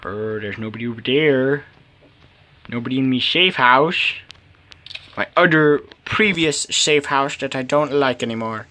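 A man's voice: mid-range voice, unhurried, bright, forceful tone. A man giving solo gameplay commentary, talking to himself in a pleading, playful way. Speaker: gamer.

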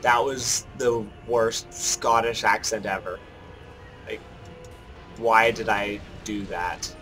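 A man's voice: fairly low pitch, little pitch movement, slow pace, bright, forceful tone, faint music behind. Joking man narrating his gameplay. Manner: jokey, self-mocking, thinks aloud while playing. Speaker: gameplay commentator. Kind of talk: casual let's-play commentary.

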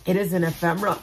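A woman vlogging as she unboxes craft mail, gushing and exclaiming, repeating herself, and swinging from soft murmurs to loud squeals. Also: on the low side, slight background noise. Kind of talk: casual unboxing chat to camera.

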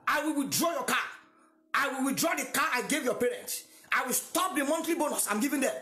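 A Nigerian-accented preacher voicing a furious wealthy man who yells threats, recorded in a roomy church hall. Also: extremely high pitch, lively intonation, brisk, faint music behind, voice pushed up, full character voice. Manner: yelling threats.

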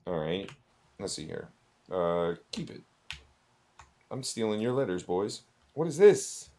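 A man's voice: deep voice, very animated, unhurried, dark tone. Man thinking aloud while gaming. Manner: chatty, thinks aloud, jokey. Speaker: streamer. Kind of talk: casual gameplay commentary.

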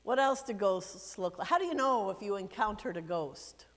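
A woman pastor reading scripture and then giving a gentle children's sermon, playfully asking the children questions. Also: mid-range voice, lively intonation, normal speed. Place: church sanctuary. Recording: long church reverb.

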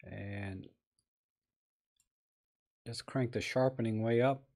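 A man's voice: mid-range voice, slow, vocal fry, a little mellow. A man hosting a live stream, talking casually and thinking aloud as he edits viewers' photos and greets people in the chat.

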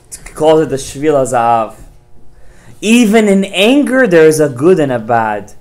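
A man's voice: a little high, big pitch swings, normal speed, a little mellow, soft background music. A man, a rabbi, giving a Torah class to parents, firing rhetorical questions at his listeners and dropping Hebrew terms into his talk.

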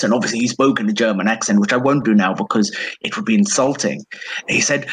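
A man's voice: fairly low pitch, fairly quick, husky, poor audio. A man playing a tabletop game, telling a hesitant, rambling story full of restarts and fillers. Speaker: player. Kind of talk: casual tabletop game chat.

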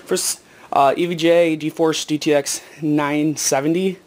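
A teenage boy, out of breath and excited, rambling with lots of ums and self-corrections in a casual unboxing vlog. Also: fairly high pitch, unhurried. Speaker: gaming video maker.

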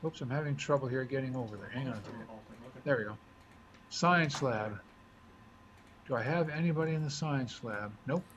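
A man's voice: mid-range voice, moderate pace, pauses often, crowd noise. Chatty man explaining a board game. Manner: chatty, thinks aloud while moving pieces. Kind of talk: casual game commentary. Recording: dull lo-fi recording with faint hiss.

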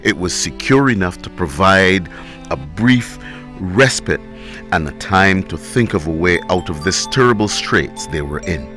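A man reading a story aloud as narrator, in a dramatic, expressive way. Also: low voice, unhurried, faint music behind.

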